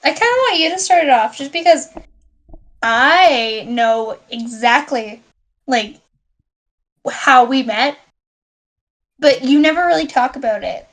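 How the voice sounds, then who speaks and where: A young woman with a fairly high voice co-hosts a casual podcast. She teases and corrects her partner in a relaxed, chatty way. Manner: teasing, quick to correct. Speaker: podcast co-host. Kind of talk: casual chat.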